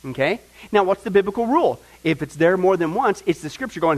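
A man preaching a sermon to a group, animated, often asking his listeners questions and acting out the people he quotes. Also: high voice, brisk, hardly any pauses, poor audio. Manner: animated, acts out quoted voices, asks the audience questions. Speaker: pastor teaching a Bible study.

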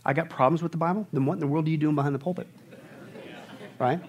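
A man preaching a sermon as pastor, swinging from quiet asides to loud, mocking bursts. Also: a little high, fairly even intonation, quick pace, slight background noise.

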